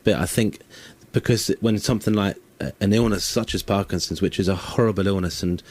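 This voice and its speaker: A man speaking as an interview guest, talking haltingly with many restarts. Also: lowish voice, fairly even intonation, darkish tone. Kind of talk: casual interview chat.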